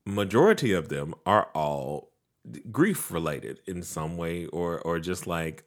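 A man co-hosting a podcast, telling a story in casual chat with quick asides. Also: low-pitched, lively intonation. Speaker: podcast co-host.

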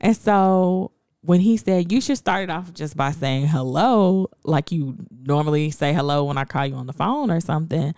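A woman co-hosting a faith podcast in casual chat, laughing often and speaking with emphatic warmth about God. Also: sits low, moderate pace, no echo, clean studio sound. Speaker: podcast co-host. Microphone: podcast microphone.

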